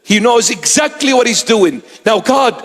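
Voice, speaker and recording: A man preaches a sermon as a bishop in a very high, animated, fairly bright voice at a moderate pace. He tells stories and dramatizes the people in them, heard through a long hall reverb.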